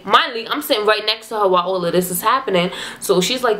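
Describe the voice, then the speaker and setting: A woman's voice: mid-range voice, fast talker, few pauses, a little hiss or hum. A young woman vlogger telling a personal story in casual chat, acting out text messages as she goes. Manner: animated, chatty, acts out text exchanges.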